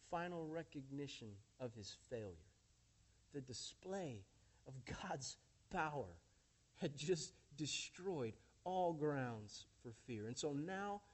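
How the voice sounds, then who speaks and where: A male preacher delivering a sermon, his voice sitting a little higher than most men's. He speaks in short phrases broken by dramatic pauses, with emphasis that rises and falls as he retells scripture and adds casual asides. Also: a little mellow. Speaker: pastor.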